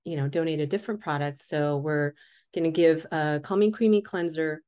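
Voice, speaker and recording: A woman's voice: sits low, normal speed, mellow, clean tone. A woman guest who founded a skincare company, explaining her program in an earnest, plain way. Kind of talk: interview answers.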